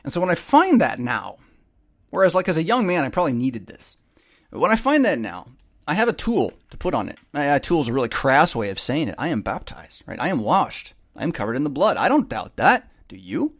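A middle-aged American man hosts a live show as a pastor, preaching in a casual, conversational way. His voice sits fairly high and swings widely as he stresses points and fires off rhetorical questions. The recording is dry and close. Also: brisk, no room sound. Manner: animated, emphatic, rhetorical questions, many restarts. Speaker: pastor hosting a livestream show.

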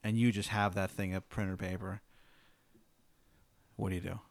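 A man's voice: low-pitched, little pitch movement, normal speed, vocal fry, no echo. A young man narrating a tabletop game as game master, casual and profane, often stumbling over repeated words.

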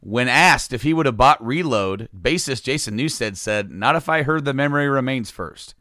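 A man's voice: medium pitch, animated, normal speed, pushed and bright, no echo, studio quality. A man hosting a casual music podcast, talking loosely with many restarts and fillers. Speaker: podcast host. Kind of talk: casual chat.

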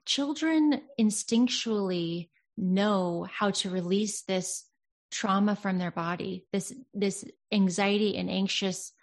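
Earnest, reflective woman in casual talk. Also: mid-range voice. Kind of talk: casual conversation.

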